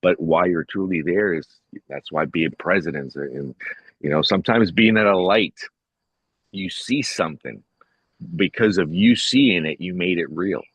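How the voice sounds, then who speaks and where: Husky low-voiced man in casual chat. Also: measured pace, dry recording, highs cut off. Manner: rambling, retells conversations, swears casually. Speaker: podcast co-host.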